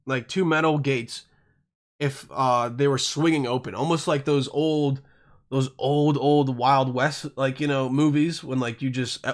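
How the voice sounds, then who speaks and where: A man from Europe hosting a podcast, telling a rambling, crude story in a casual monologue full of swearing and self-interruptions. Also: mid-range voice. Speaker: podcast host.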